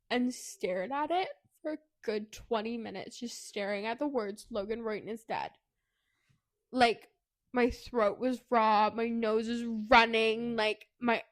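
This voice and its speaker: A young woman co-hosting a book podcast, retelling a plot emotionally with swearing, fighting back tears. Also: fairly high pitch. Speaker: podcast co-host. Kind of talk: casual book review chat.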